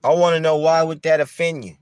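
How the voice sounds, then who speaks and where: A man's voice: fairly high pitch, steady tone, fast, darkish tone, clear, resonant tone, no room sound, clean studio sound. Man musing aloud with rhetorical questions. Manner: conversational, rhetorical questions, repeats himself. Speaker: dog breeder talking to camera. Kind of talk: casual monologue.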